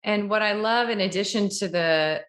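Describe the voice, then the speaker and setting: A woman hosting a podcast interview, reflective and measured, thinking aloud through her points. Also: medium pitch, a bit bright. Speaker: podcast host.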